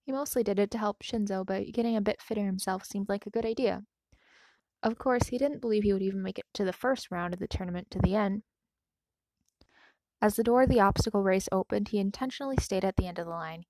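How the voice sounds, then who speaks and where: A woman reading a fanfiction story aloud, then gushing softly about it. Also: mid-range voice, no room sound. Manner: gushing, soft-spoken commentary after reading. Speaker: fanfiction reader.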